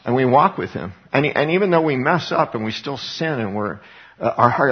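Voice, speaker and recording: Male pastor, husky voice, mid pitch, earnest conversational sermon, muffled lo-fi sound. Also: expressive, moderate pace. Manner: earnest, conversational preaching with repeated words.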